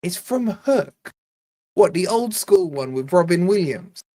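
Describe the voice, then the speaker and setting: A chatty man hosts a live football watch-along stream. He teases his viewers in loose, casual banter and then snaps into quick bursts of match commentary. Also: high voice, animated, mellow, dry recording, studio quality. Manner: chatty, teasing, jumps between quiz talk and play-by-play. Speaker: fan channel host doing live match watch-along.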